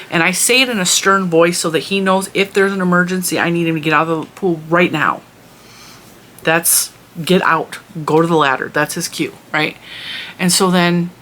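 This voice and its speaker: A woman's voice: on the low side, a bit bright, a little hiss or hum. A woman telling a long story in a casual vlog, chatty and rambling with lots of restarts. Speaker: vlogger and mother.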